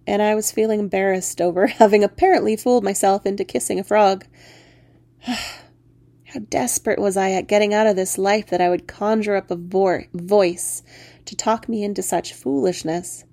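A woman reading her own fairy story aloud in first person, expressive and laughing often. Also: medium pitch, moderate pace, no room sound. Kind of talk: storybook narration.

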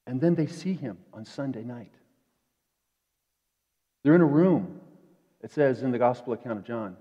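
A man preaching a sermon in a conversational way, dropping to quiet asides and rising to emphatic peaks. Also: medium pitch, animated, normal speed, husky. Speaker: pastor. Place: church sanctuary. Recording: dull echoey church hall.

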